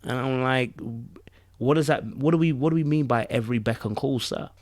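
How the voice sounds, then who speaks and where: A man's voice: mid-range voice, brisk, dry recording, clean studio sound. A man co-hosting a casual review podcast, thinking aloud with rhetorical asides and frequent restarts. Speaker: podcast co-host.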